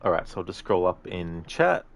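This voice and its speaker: A man's voice: deep voice, normal speed, creaky. A man streaming a video game, chatting casually and reading out chat messages. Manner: relaxed, rambling, reads chat aloud.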